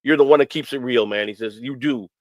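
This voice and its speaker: Casting note Male stream host, mid-pitched, dry close sound, rambling and heartfelt, stumbles and repeats himself. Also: fast, no room sound, poor audio. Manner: rambling, repeats phrases, many restarts; earnest and emotional. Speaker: host of a morning stream show. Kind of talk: casual rambling talk.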